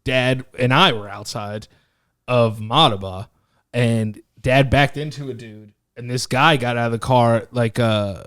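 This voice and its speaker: A man's voice: medium pitch, measured pace, a bit bright, smooth, dry recording, clean studio sound. A man co-hosting a podcast, chatting casually, reacting and swearing. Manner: laid-back, profane, chiming in and reacting. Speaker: podcast co-host. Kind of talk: casual chat.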